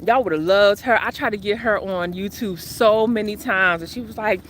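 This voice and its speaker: Here a spiritual coach vlogger strolls outside and records on her phone, her medium-pitched voice moving at a moderate clip over faint background noise. She keeps it chatty and lively, addressing viewers as "y'all."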